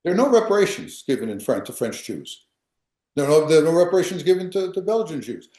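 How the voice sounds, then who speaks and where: A man's voice: on the high side, very animated, fast talker, dark tone, reverberant. An older man, a history professor, lecturing emphatically and answering questions, often repeating and restarting phrases.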